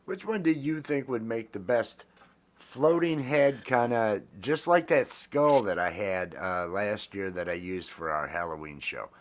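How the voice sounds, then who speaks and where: Deep-voiced man rambling affectionately. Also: animated, measured pace. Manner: rambling and affectionate, lots of fillers and restarts. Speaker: host. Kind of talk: casual chat.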